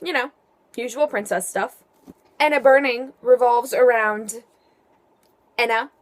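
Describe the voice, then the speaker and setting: Teenage girl, book vlog, casual chat, higher voice, unhurried pace, playful sarcasm. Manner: chatty, sarcastic asides, playful. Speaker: book vlogger.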